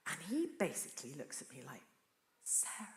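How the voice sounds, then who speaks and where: A woman preaching a sermon, telling a story in an earnest, animated way. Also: mid-range voice, normal speed. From Britain. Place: church. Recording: roomy church echo.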